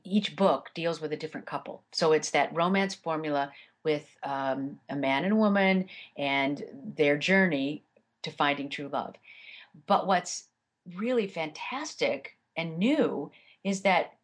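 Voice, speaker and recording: A woman audiobook narrator answering interview questions in a chatty way, with many fillers and restarts. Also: low voice.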